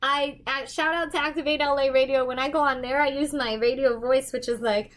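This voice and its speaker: High-voiced goofy woman medium. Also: steady tone, a little fast, few pauses. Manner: goofy, rambling, laughs often. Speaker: medium giving livestream readings. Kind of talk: casual livestream chat.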